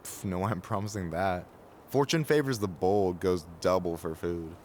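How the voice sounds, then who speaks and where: Deep-voiced blunt young man , played by an actor. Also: moderate pace, a little mellow, slight background noise, natural voice. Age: young adult. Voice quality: casual, blunt and teasing. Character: easygoing young man, wry and loyal friend. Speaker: game character. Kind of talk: video game voice acting.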